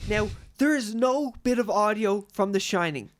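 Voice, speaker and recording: A man's voice: high voice, lively intonation, moderate pace. A man co-hosting a podcast in casual chat, eagerly rambling through stories. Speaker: podcast co-host.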